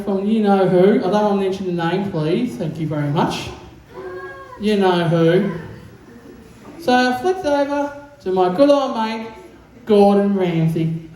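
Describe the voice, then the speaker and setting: A man's voice: extremely high pitch, darkish tone. Australische man, stand-up comedian, grof en rommelig, heel galmende zaal, licht geruis. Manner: crude, rambling, mimics sounds. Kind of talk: open mic stand-up set. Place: comedy room on stage. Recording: very echoey room, faint background noise.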